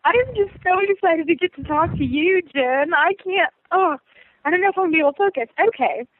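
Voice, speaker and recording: A woman co-hosting a podcast in casual chat, animated and laughing, with quick bursts of excitement. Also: extremely high pitch. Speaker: podcast co-host. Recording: phone-like line with faint hiss.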